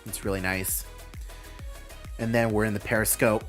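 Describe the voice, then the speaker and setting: A man's voice: lowish voice, level tone, normal speed, fairly bright tone, faint music behind. A man hosting a live stream, reading out announcements and thinking aloud with a rambling, casual manner.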